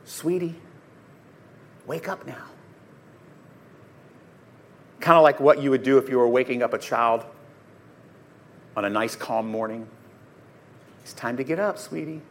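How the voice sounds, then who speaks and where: Male preacher voicing Jesus: calm, tender, hushed, a little low. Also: fairly quick, pauses often, natural voice.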